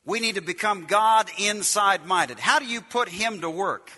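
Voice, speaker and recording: A man preaching a sermon with emphatic, repetitive delivery, shouting key lines and dropping low to tell stories. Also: animated, normal speed, in a large hall.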